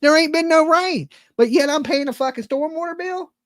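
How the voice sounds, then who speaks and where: A woman's voice: high voice, normal speed, no room sound. A woman ranting in casual chat, profane and exasperated, rambling with frequent restarts. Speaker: livestream host. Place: home.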